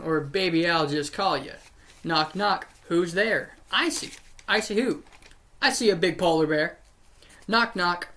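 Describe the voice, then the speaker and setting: A woman's voice: lowish voice, measured pace, fairly bright tone. A woman hosting her channel, reading jokes aloud one after another and grumbling that they are not funny. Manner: unimpressed, breaks off to grumble about the jokes. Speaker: channel host.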